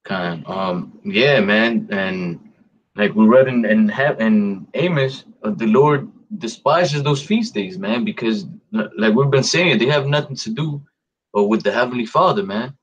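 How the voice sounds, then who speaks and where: A man's voice: fairly low pitch, a little slow, lo-fi sound, a little hiss or hum. A man co-hosting a religious discussion, speaking casually with many hesitations. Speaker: co-host.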